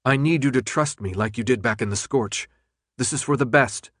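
A man voicing a guarded young woman in an audiobook, soft and restrained. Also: medium pitch, normal speed, no echo, studio quality, natural voice.

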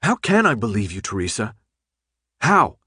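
A man's voice: fairly low pitch, wildly swooping pitch, normal speed, sharp tone, husky, no echo, full character voice. Guy reading a distrustful young dude, curt, accusing, dry mic. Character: guarded, distrustful young man.

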